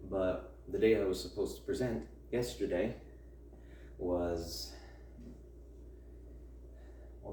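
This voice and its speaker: A man's voice: on the low side, a little mellow, slight background noise. Young man grumbling through a roomy, distant take. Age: young adult. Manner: rambling, grumbling rants with many fillers. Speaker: college student vlogger. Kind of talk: casual chat during a home workout. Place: at home. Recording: roomy, distant mic, faint ambience.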